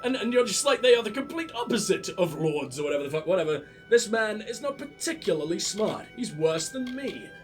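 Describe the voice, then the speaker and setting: A man's voice: sits high, big pitch swings, a little fast, few pauses, faint music behind. A young man giving sarcastic, profane commentary while playing a game, mocking the characters. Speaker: let's play gamer.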